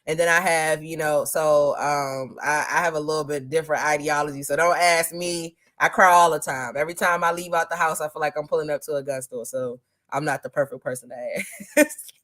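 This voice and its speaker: A woman's voice: sits low, steady tone, a little fast, a bit bright. A woman firearms instructor chatting casually in an interview, laughing often and talking in a loose, colloquial way. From Maryland area.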